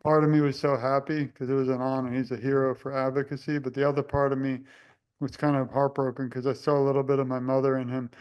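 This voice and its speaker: A young male host with a smooth, clear voice runs a casual interview. He keeps an even, level tone and rambles, often pausing on fillers. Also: medium pitch, lo-fi sound.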